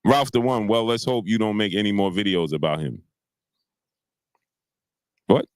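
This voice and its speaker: A man's voice: fairly low pitch, lively intonation, moderate pace. Heated man ranting on a live stream. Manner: heated, repetitive, many filler "uh"s. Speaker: boxing commentary host. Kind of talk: live-stream commentary, greeting chat viewers.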